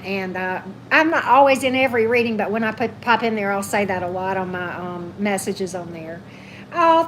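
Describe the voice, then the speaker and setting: A woman hosting a casual livestream, gushing, animated, and answering viewer comments. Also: mid-range voice, a little hiss or hum. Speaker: tarot channel host.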